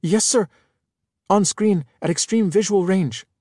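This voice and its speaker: Man doing a high eager young woman officer. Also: unhurried, dark tone, no room sound, studio quality. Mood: excited. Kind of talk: audiobook character voice.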